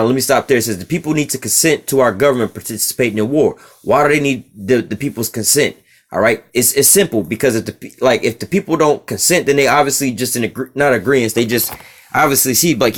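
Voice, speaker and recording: A man preaches in a rapid, rushing delivery at a middle pitch, reading a text aloud and breaking it down for his listeners. His talk is blunt, profane and heated, full of restarts and repeated asides. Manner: blunt, profane and heated, with frequent "you see what I'm saying" asides; repeats and restarts words while driving his point. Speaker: religious teacher. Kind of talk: street-style religious lecture, reading a text aloud and commenting.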